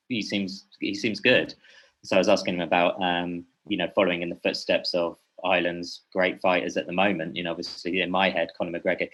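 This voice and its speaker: A man's voice: low voice, a bit bright, poor audio. A man talking as a podcast guest, a boxing journalist who speaks in a meandering, hesitant way and keeps correcting himself. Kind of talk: casual podcast conversation.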